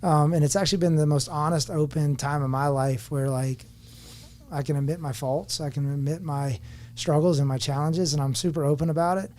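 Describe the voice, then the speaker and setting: Earnest man with a mellow, fairly high voice. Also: steady tone, fairly quick. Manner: earnest and reflective, speaking openly about personal struggles. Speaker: podcast guest. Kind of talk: candid conversational storytelling.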